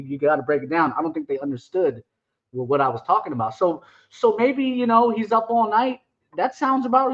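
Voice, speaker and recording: A man telling rambling, joking stories in a casual podcast chat, with many restarts. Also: high-pitched. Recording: dull lo-fi sound.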